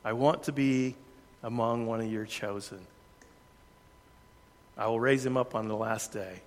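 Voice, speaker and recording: A man preaching a sermon, earnest, shifting his pace and loudness for emphasis. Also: fairly low pitch, steady tone, a little slow. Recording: long hall reverb.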